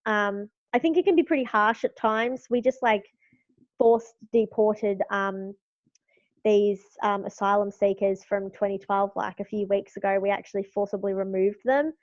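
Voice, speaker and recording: A young Australian woman appears as a podcast guest in a casual political chat, speaking frankly and chattily with plenty of fillers. Her mid-range voice holds a steady tone at a moderate pace, and the audio is dull with no echo.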